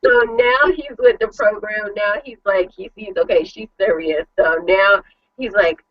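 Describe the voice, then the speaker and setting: A woman's voice: mid-range voice, a little slow, recorded from a distance. Chatty woman host, lo-fi sound. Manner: chatty, animated storytelling with lots of "like". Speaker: host of an online panel show. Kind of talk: casual chat.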